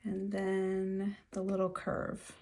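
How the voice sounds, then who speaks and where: A woman's voice: medium pitch, monotone, takes it slowly. A woman artist talking casually to herself as she paints and stamps at her table. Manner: musing aloud to herself while she works. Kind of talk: casual commentary while painting. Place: home art table. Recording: clear clicking noise behind.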